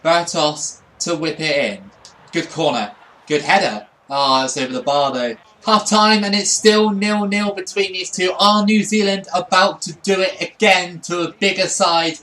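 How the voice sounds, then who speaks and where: A man giving excitable play-by-play commentary over his own football video game, swinging between quiet asides and shouts. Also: high-pitched, unhurried. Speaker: gaming channel host.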